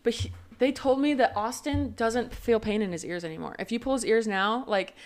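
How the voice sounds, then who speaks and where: Chatty young woman telling family stories. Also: on the high side. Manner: animated storytelling, quick laughs, filler-heavy. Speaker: podcast co-host. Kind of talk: casual chat.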